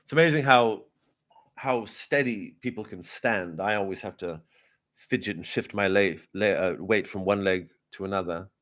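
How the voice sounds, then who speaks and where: Rambling deadpan mock-royal commentator. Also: male voice, on the low side, normal speed. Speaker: comedian in character as a royal correspondent. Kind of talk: improvised satirical live commentary.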